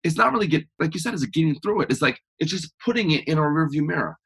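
A man guest on a podcast interview, talking in an energetic, emphatic, motivational way. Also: on the high side, rapid-fire, creaky, husky. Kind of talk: conversational interview.

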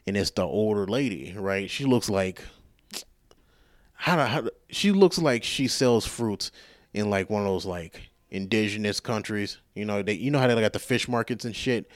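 Low-voiced man telling a rambling, profane story. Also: dry recording, studio quality. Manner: profane, animated, self-mocking. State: tired. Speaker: podcast host.

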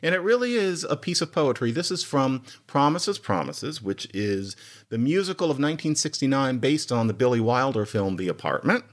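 A man hosting a podcast, giving an informal, animated language lecture and chuckling now and then. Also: mid-range voice, moderate pace. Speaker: podcast host.

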